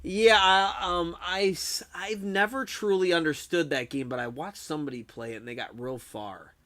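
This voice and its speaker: A man's voice: on the high side, normal speed, sharp tone. A young adult man chatting casually with viewers during a game live stream, swearing freely and laughing often. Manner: laid-back, swears a lot, laughs often, says dude.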